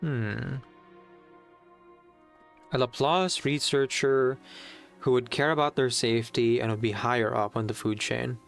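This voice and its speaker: A man's voice: mid-range voice, steady tone, unhurried, creaky, pauses often, faint music behind. Chatty young male streamer. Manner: chatty, a little nervous, reads chat aloud. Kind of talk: casual live-stream chat.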